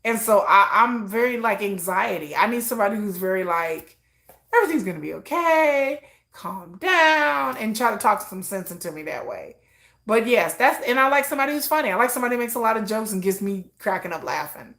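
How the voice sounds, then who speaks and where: Her mid-range voice is expressive, fast and fairly bright as this middle-aged woman hosts a livestream. The casual chat is rambling and self-mocking, and she reenacts both sides of conversations she recalls.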